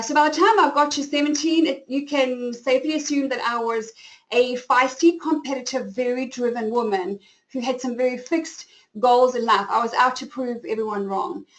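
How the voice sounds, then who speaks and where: A woman's voice: high voice, poor audio. A woman in her forties with a South African accent, hosting a live webinar and telling her own story in an effusive, open way. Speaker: webinar host and company founder.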